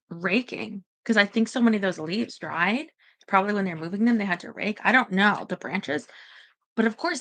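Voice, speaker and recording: A woman's voice: medium pitch, sharp tone. A woman rambling anxiously in casual livestream chat, talking straight to her viewers.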